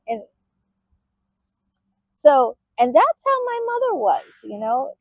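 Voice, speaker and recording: A woman vlogger talking personally to her viewers, halting and emotional, with many fillers and restarts. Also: high voice, big pitch swings, darkish tone, no room sound, rough recording. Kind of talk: personal talk to camera.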